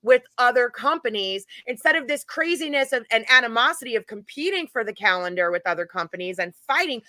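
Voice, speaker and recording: Woman, guest storyteller, bright voice, animated, laughs a lot. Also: a little high, brisk, few pauses, dry recording. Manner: animated, laughs while telling stories. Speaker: guest, paranormal event organizer. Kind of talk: casual storytelling.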